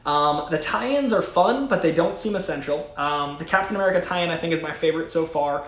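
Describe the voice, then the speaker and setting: A man's voice: a little high, brisk, a bit bright, roomy sound. A man hosting a casual live stream, chatting with enthusiasm and reading viewer messages aloud. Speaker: host. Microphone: studio mic.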